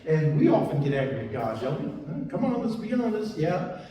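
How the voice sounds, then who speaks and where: An older male pastor preaches a Bible sermon, slipping into folksy stories from his own life. His voice sits a touch high and rings through a large echoey hall, heard from some way off the mic. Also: big pitch swings, fairly quick, dark tone, far from the mic. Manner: folksy storytelling with personal anecdotes. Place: church sanctuary.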